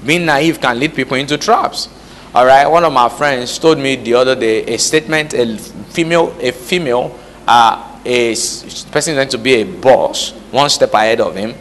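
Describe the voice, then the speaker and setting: A man's voice: mid-range voice, fairly bright tone, a little hiss or hum. A man preaching, quizzing the congregation with call-and-response questions. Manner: call-and-response, repeated "All right?" checks. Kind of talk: sermon. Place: church hall. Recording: reverberant hall.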